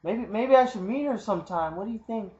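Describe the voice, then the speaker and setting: Rich: A man doing a suspicious wife, her voice pushed up high as she presses her husband with demanding questions. It sounds roomy and muffled, like a cheap home recording. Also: lively intonation, a little fast, a little mellow. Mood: apologetic. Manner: accusing, demanding.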